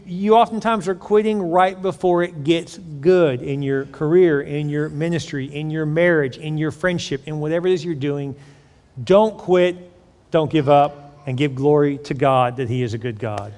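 A man's voice: fairly high pitch, moderate pace, a little mellow. A man in his forties preaching a sermon to his congregation as their pastor, talking casually and asking the crowd questions. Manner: conversational, asks the congregation questions. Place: large church sanctuary. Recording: long hall reverb.

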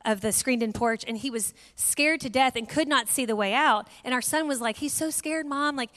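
Animated woman preaching in a reverberant hall. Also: on the high side, a little fast. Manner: animated storyteller, acts out voices. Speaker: guest speaker. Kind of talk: sermon storytelling.

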